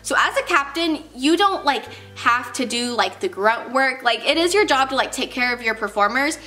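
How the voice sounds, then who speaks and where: A young woman recounts work stories to her camera at normal speed, her high voice expressive, pushed and bright. Her style is chatty and casual, with many "like"s and acted-out quotes, and faint music plays behind.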